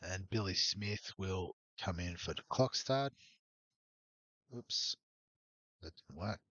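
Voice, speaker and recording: A man's voice: sits low, expressive, slow, fairly bright tone, dry recording, highs cut off. A man walking through his fantasy rugby league team in a rambling, hesitant way, full of ums. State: has the hiccups. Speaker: fantasy sports youtuber. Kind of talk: casual fantasy team walkthrough.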